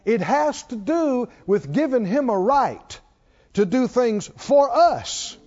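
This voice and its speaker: Male preacher, call-and-response sermon, warm mellow tone, muffled lo-fi sound. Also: extremely high pitch, expressive, takes it slowly. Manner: call-and-response preaching, asks the congregation questions.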